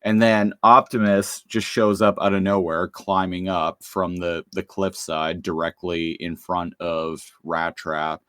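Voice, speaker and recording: A man co-hosting a podcast in casual chat, amused and quick to laugh. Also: sits low, little pitch movement, a bit bright, clear, resonant tone, no echo, studio quality. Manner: amused, laughs often while chatting. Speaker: podcast co-host. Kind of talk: casual chat recapping a cartoon episode.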